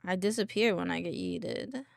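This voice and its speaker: A woman hosting a livestream, chatting casually with her viewers in a bubbly, playful way, giggling often and quick to apologize or reassure. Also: lowish voice, creaky, no room sound, studio quality. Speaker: livestream host. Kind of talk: casual chat with live viewers.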